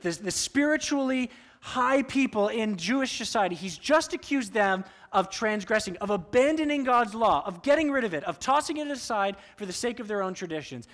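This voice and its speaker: A man preaching a sermon as pastor, with expressive delivery that acts out quoted voices. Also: sits high. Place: church sanctuary.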